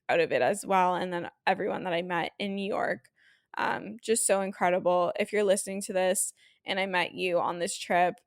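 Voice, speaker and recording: A woman's voice: mid-range voice, no echo. A young woman from Canada hosting a casual solo podcast, emotional and close to tears, gushing with lots of "like" and "um". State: teary, near crying. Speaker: podcast host.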